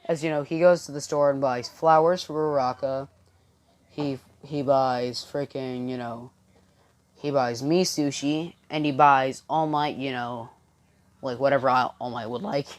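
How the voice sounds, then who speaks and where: A woman's voice: very deep voice, fairly even intonation, unhurried. A woman improvising a fan-fiction story aloud, rambling with many fillers.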